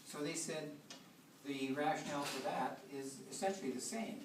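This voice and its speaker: A man's voice: on the high side, normal speed. A man giving a classroom science lecture, explaining step by step and often restarting his sentences. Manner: explanatory, thinks aloud with frequent restarts. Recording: echoey room, far from the mic, with noise.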